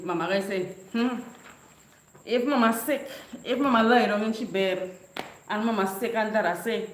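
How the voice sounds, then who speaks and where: Casting: woman vlogger, animated storyteller, laughs a lot, roomy echo. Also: medium pitch, normal speed, a little hiss or hum. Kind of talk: casual storytelling chat. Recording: echoey room.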